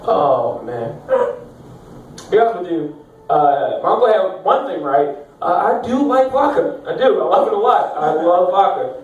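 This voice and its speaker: A man's voice: sits high, lively intonation, normal speed, lo-fi sound. A young adult man doing a stand-up set in a comedy club, rambling and self-mocking, with plenty of swearing. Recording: echoey club, mic from far off.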